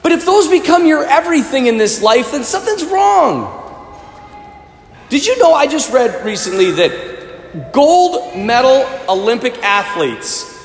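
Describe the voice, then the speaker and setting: Animated male preacher in echoey church. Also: very high-pitched, measured pace. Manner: animated, swings from shouting to hushed. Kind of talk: sermon. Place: large church. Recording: echoey church, long reverb, faint ambience.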